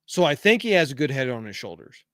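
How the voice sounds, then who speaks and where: A man's voice: mid-range voice, big pitch swings, quick pace, a bit bright, no room sound, clean studio sound. Frank middle-aged man hosting a podcast. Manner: reads viewer comments aloud, frank, rambling with fillers. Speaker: podcast host. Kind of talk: casual live-chat podcast.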